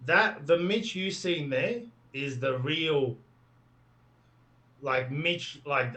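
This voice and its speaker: A man's voice: on the high side, very slow, pushed and bright. Joking man, swearing freely. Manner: jokey, swearing, puts on a French character voice. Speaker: wrestler guest. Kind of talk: casual shoot interview.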